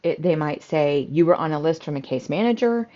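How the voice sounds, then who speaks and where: A middle-aged woman who runs a home care business, teaching in a calm, conversational way with frequent fillers. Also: sits low, brisk. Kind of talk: instructional talk to camera. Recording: slightly dull, lo-fi audio.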